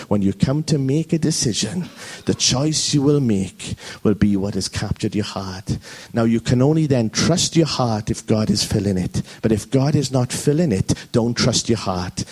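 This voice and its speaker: A man preaching a sermon at a church service, lively and jokey, often asking his listeners "okay?". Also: on the low side, breathy edge. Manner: lively, jokey, frequent "okay?" check-ins.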